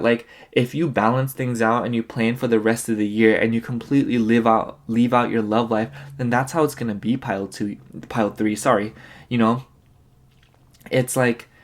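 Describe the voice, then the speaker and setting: A tired man doing a casual pick-a-card tarot reading, rambling and filling his talk with "like" and "you know". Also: medium pitch. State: tired, yawning. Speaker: tarot reader.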